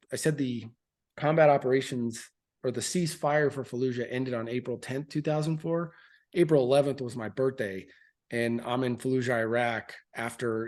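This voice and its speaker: Male veteran guest, 30s, mid pitch, frank and earnest, casual and halting. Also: darkish tone. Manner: frank and earnest, with loose fillers and restarts. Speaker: podcast guest, military veteran. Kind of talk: candid interview storytelling.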